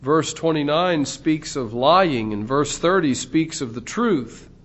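A man preaching a sermon in a slow, deliberate way, his voice swelling louder on key phrases. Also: fairly high pitch, animated. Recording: dull lo-fi recording.

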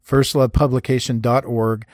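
A man's voice: mid-range voice, level tone, moderate pace, a little mellow, no room sound. A man talks in a conversational teaching style that is earnest and plainspoken, mixing practical advice with self-deprecating anecdotes. His mid-range voice sits close to the microphone in a dry, dead room. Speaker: host teaching gospel tract outreach.

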